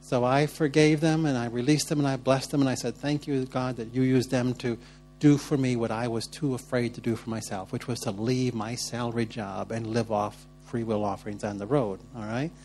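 A man preaching a sermon, telling personal stories straight to the congregation and moving between quiet asides and loud bursts. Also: mid-range voice, moderate pace, soft background music. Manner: animated, swinging between soft asides and loud outbursts; laughs often while telling stories.

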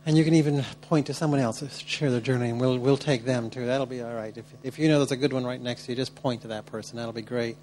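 Leading a church workshop, this man guides the group through prayer and then encourages people to share, gently and with an upbeat tone when he calls on them. His voice is medium-pitched and steady, and he talks fast with few pauses over slight background noise.

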